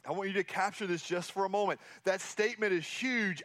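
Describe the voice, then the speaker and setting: A man's voice: high-pitched, brisk, a bit bright. A man preaching a sermon as a pastor, earnest and repeating key phrases for emphasis.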